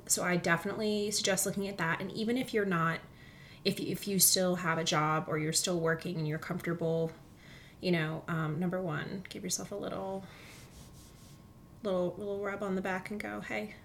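Chatty woman host at home on a mic, bubbly, says like a lot, slips into whispers, faint low rumble behind. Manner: chatty and excitable, lots of "like", often drops to a near whisper. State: recovering from illness, walking with a limp. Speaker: podcast host. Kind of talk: casual solo podcast chat. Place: home, seated in a comfy chair. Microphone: studio microphone.

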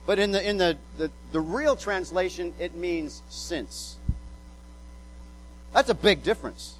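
A man's voice: high voice, moderate pace, slight background noise, rough recording. A male pastor preaching a sermon, emphatic, repeating words as he drives points home and acting out quotes.

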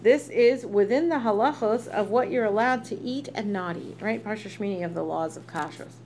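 A woman's voice: medium pitch, moderate pace, darkish tone, a little hiss or hum. A woman teaching a text study in a chatty way, reading verses aloud and translating them with asides. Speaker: Torah teacher.

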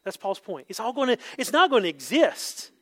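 A man with a notably high speaking voice delivers an expository sermon in a relaxed, conversational way. He checks in with his listeners by asking "right?" again and again. When he quotes someone, he acts the words out with sudden jumps in pitch. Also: normal speed. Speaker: pastor.

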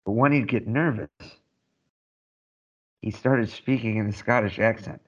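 A man with a lowish voice spins a dry, wry anecdote in casual podcast chat, stopping and restarting as he goes. The sound is muffled and lo-fi, with the top end dulled. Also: measured pace. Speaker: podcast co-host and army veteran.

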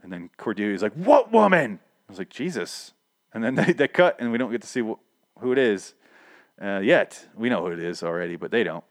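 A man hosting a casual solo podcast, rambling excitedly with stammering restarts and swearing freely as his voice starts to go hoarse. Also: fairly low pitch, fast talker, no room sound, clean studio sound. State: voice going hoarse. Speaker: podcast host.

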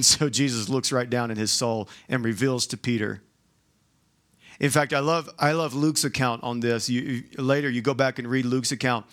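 A male pastor delivers his sermon in a chatty, animated style, acting out the quotes he recounts. His voice is medium in pitch and moves at a normal speed.

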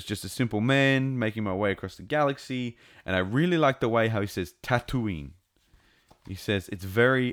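Deep-voiced man, dry close sound, rambling fan talk. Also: dry recording. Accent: close to New Zealand. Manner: rambling and enthusiastic, many fillers and restarts. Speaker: podcast host. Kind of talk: casual fan commentary.

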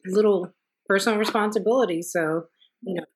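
A woman's voice: mid-range voice, a little fast, husky. A woman hosting a podcast, a mother, speaking in a reflective, earnest way while thinking aloud. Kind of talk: casual interview conversation.

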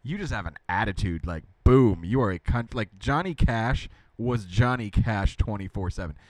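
A man's voice: on the low side, moderate pace, a little mellow, dry recording. A man co-hosting a casual podcast chat, joking and rambling in an easy, playful way. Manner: jokey, slips into goofy mumbled drawl. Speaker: podcast co-host.

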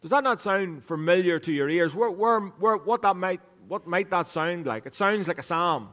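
Guy preaching into a mic, a bit high voice, chatty and jokey, big echoey hall. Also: expressive, normal speed, a bit bright. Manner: conversational and joking, with a teasing aside to the congregation. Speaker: pastor. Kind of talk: sermon. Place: church hall. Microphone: microphone. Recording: reverberant hall sound.

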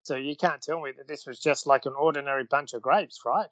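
A man co-hosting a casual chat podcast about scripture, chatty and quick to laugh, often trailing off mid-thought. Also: on the high side, fairly even intonation, fairly bright tone, no room sound, muffled recording. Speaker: podcast co-host. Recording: dry close sound.

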